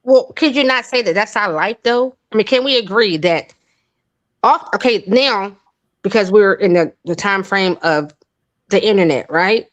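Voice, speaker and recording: Woman panelist; mid pitch, reflective, searches for words as she goes. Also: lo-fi sound. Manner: measured, questioning, searching for words. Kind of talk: casual chat.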